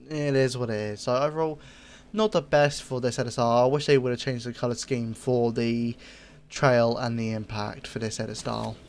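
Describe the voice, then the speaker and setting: A man with a voice of ordinary, middle pitch talks casually through a review of game cosmetics. He is laid back and rambling, trailing off and filling gaps with ums and uhs as he thinks aloud. Faint background noise sits under his voice. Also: creaky. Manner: easygoing and rambling, often pausing with fillers. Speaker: gaming video creator.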